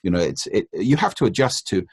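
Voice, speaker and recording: A man, a guest expert in a podcast interview, explaining in a measured way and demonstrating intonation with his voice. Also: low voice, expressive, a little mellow, breathy edge, dry recording, clean studio sound.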